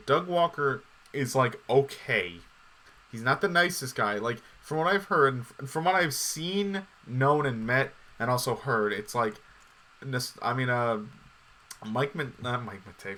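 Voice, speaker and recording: Rambling, foul-mouthed man with a bright voice. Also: medium pitch. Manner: rambling, profane, full of fillers and restarts. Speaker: podcast host. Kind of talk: casual chat.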